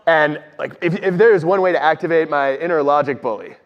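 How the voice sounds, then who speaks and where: A man, an organizational psychologist, telling stories on stage in an animated, self-deprecating way. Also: on the high side, a little fast. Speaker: organizational psychologist guest speaker. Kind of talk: conversational talk on stage. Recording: dull audio with long hall reverb.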